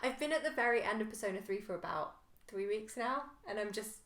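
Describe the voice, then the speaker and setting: A woman co-hosting a podcast, chatting casually with giggles and quieter asides. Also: mid-range voice, lively intonation, fast talker. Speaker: podcast co-host. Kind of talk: casual chat. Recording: roomy echo.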